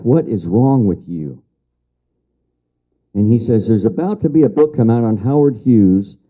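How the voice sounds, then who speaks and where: An older man giving a lecture as a story to an audience, repeating key phrases for emphasis and answering remarks from the room. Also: medium pitch. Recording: dull lo-fi lecture recording.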